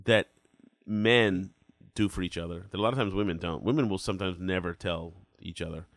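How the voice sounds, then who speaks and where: A man's voice: low voice, fairly quick, no echo. Man with a cold, dry-miked podcast host. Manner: wry, probing questions. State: has a cold. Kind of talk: casual chat.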